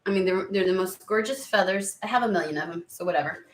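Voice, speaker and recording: A woman chatting excitedly and rambling on tangents during a spiritual card reading video. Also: medium pitch, fast. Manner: excitable, rambling, lots of exclamations. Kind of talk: casual chatty reading vlog. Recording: roomy echo.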